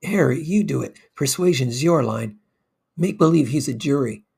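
Man playing a clipped urgent surgeon, gravelly, storybook reading. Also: on the high side, lively intonation, normal speed, darkish tone, full character voice. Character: brisk urgent male surgeon, commanding.

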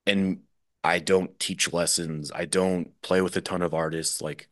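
A young man from the Midwest, a drummer chatting as a podcast guest in a relaxed, rambling way. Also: low voice, measured pace. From Midwest USA. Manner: relaxed, rambling, laughs easily. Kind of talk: casual podcast chat.

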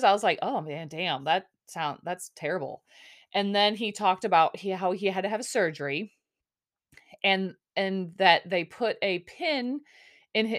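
A woman hosting a podcast, recapping in a rambling, chatty way with lots of restarts and some swearing. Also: mid-range voice. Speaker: podcast host. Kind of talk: casual chat recap.

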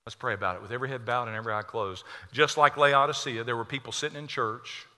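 A man's voice: mid-range voice, fairly even intonation, quick pace. Impassioned preacher man in a reverberant hall. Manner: impassioned, swinging from loud to hushed. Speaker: pastor. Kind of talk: sermon. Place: church sanctuary.

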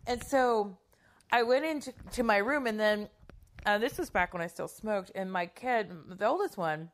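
A woman's voice: mid-range voice, expressive, normal speed. A middle-aged woman telling a personal story in a casual, candid way, swearing freely and acting out quoted lines.

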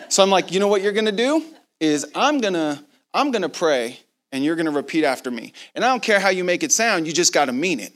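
Delivering a sermon, a fairly quick-speaking man with a voice that sits high tells a lively story, playing both parts of the exchange and laughing at points.

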